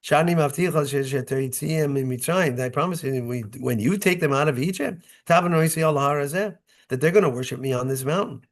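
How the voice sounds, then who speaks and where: A man's voice: a little high, fairly quick. A rabbi teaching a Torah study class, reading short Hebrew phrases and explaining them in English, often checking in with his listeners. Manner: conversational, checks in with "right?" and "okay?". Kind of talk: Torah study lesson, reading verses and translating.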